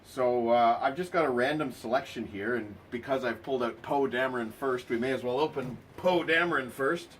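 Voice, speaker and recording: A man's voice: mid-range voice, a little fast, few pauses, a bit bright, a little hiss or hum. A man hosting a casual toy unboxing video, talking with dry, sarcastic remarks and lots of ums and uhs.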